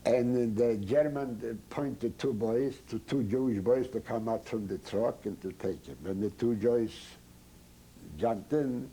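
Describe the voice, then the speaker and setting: An older man giving oral history testimony in halting, broken English that slips into German phrases. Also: mid-range voice, mellow, breathy edge, rough recording. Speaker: Holocaust survivor giving testimony.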